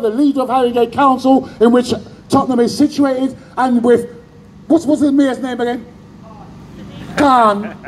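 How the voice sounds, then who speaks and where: An impassioned man, addressing a street protest. His raised voice rides very high yet sounds dark and mellow. He leads the crowd in call-and-response chants. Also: low-quality recording. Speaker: activist speaker. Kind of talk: protest rally speech.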